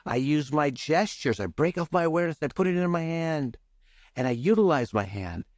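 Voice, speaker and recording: An energetic man coaching on a podcast, his fairly high voice swooping up and down with playful emphasis. The sound is dry and close, with no room around it. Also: normal speed, no echo. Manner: energetic, playful, swings pitch and pace for emphasis. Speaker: charisma coach, guest. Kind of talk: animated podcast coaching talk.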